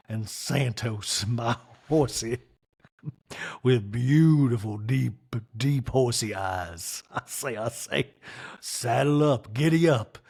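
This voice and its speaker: Here a man puts on a dreamy, wealthy woman who talks slowly and grandly. Each word is stretched out in a languid drawl. The voice drops below his usual pitch and keeps a husky edge. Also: a little mellow, exaggerated voice. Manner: drawn-out, languid delivery. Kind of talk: comedic impression in a podcast recap.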